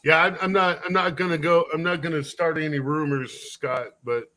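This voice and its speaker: A man's voice: fairly high pitch, steady tone, normal speed, pushed and bright. A man in casual online chat who rambles and laughs while telling a long joke.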